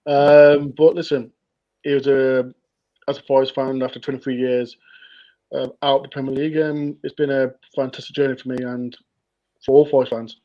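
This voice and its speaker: A man's voice: medium pitch, level tone, moderate pace. Rambling man on lo-fi call audio. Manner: rambling, lots of ums. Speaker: guest football fan. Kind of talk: casual chat.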